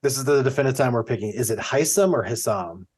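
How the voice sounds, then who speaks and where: A man hosting a casual podcast chat over a video call, joking and laughing often in quick banter. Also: mid-range voice, fairly even intonation, a little mellow, breathy edge. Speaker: podcast host.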